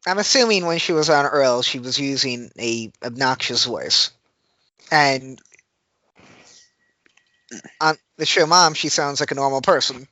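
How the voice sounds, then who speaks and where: Lively laughing man, argumentative banter. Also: medium pitch, takes it slowly, pauses often, dry recording. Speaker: podcast co-host. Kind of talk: casual chat. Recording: dull, dry lo-fi audio.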